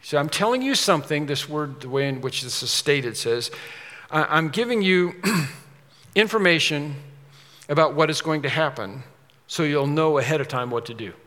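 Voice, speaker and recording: A male pastor preaches in a church sanctuary. His voice is bright, forceful and slightly high, and he drives his point home by repeating key words. A long hall reverb trails after every phrase. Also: animated, normal speed. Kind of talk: expository sermon.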